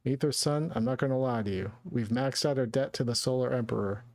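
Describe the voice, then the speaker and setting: A man's voice: mid-range voice, fairly quick, darkish tone, no room sound, lightly acted. A man voicing an anxious male servant and advisor who reports dutifully to his ruler.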